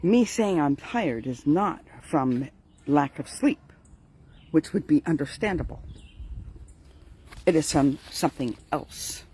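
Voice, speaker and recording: A woman's voice: low voice, lively intonation, slow pace, long pauses, mellow, slightly rough. Tired, chatty older grandmother vlogging. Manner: chatty, laughs often, digressive. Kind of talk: casual morning vlog.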